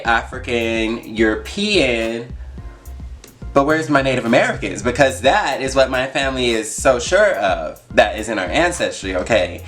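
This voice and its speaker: A man's voice: mid-range voice, a bit bright. A young man talking casually on his vlog, chatty and full of fillers and asides. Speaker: YouTuber.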